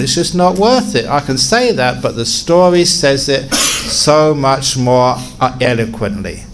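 A middle-aged man giving a storytelling talk to his regular audience, expressive and humorous. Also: high-pitched, a little hiss or hum. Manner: warm-humoured, expressive storyteller. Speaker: meditation teacher giving regular talks.

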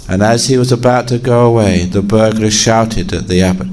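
A man, a Buddhist monk, telling a story in a dharma talk with lively rises for emphasis. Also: normal speed, hardly any pauses, a little hiss or hum. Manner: animated storyteller, jumping to high pitch for emphasis.

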